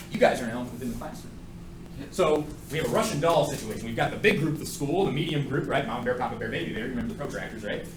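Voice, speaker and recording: In an echoey classroom with faint ambience and background noise, a medium-pitched man lectures on math, playfully cracking jokes and asking his students lots of questions.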